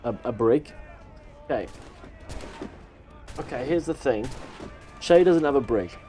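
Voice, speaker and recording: Gravelly Mancunian man streaming. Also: medium pitch, dark tone. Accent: Manchester. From northwest England. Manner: joking, rambling, chuckles at chat. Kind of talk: live gameplay stream, reading chat aloud.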